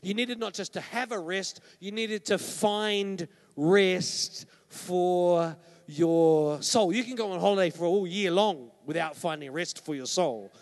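A man's voice: sits high, a little slow. A man preaching a sermon as pastor, conversational and emphatic, often checking in with "right?". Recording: long hall reverb.

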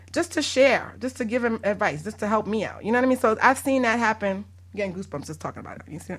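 A woman, a barter exchange broker, chatting casually on a podcast, animated and laughing often. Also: fairly high pitch, very fast, hardly any pauses, husky.

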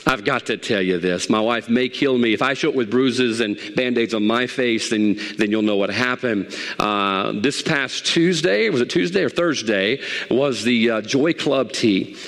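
A middle-aged man preaching a sermon as pastor, animated, swinging from loud emphatic highs to soft asides. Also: measured pace, few pauses. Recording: long hall reverb.

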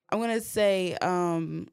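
A woman's voice: fairly low pitch, creaky, clean tone. Giggly blunt woman chatting. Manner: blunt, giggly, lots of fillers. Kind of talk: casual chat.

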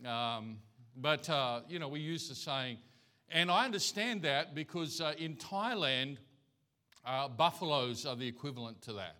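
A man's voice: medium pitch, unhurried, sharp tone. A male pastor giving a conversational sermon in church, telling folksy stories and anecdotes.

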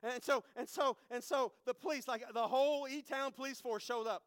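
High-voiced man preaching. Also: fairly even intonation, normal speed, clear, resonant tone, dry recording. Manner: emotional, swings from hushed to loud, repeats phrases. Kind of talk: sermon testimony.

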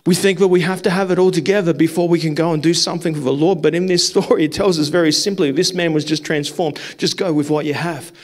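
The man's fairly high voice stays steady as he talks at a quick pace, hardly pausing. He is a pastor giving a fervent sermon to his congregation in a church hall, returning to his points repeatedly and firing off rhetorical questions.

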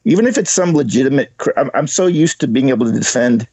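A man's voice: medium pitch, animated, fast, dark tone, slightly rough, no echo. A man, a podcast guest, rambling in a laid-back casual chat with lots of fillers.

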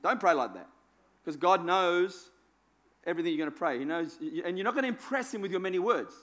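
A man's voice: sits high, expressive, a little fast, fairly bright tone. A man preaching a sermon in a conversational, self-deprecating way, repeating phrases for emphasis. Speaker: pastor.

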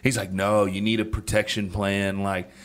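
In a radio studio, a co-host on a relaxed chat show speaks at an ordinary pace in a low, level voice. He spins lively stories and performs both ends of phone calls himself.

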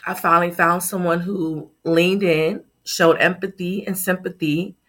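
A woman's voice: lowish voice, steady tone, a little slow, fairly bright tone. A middle-aged woman, a startup founder, telling a heartfelt personal story in a podcast interview.

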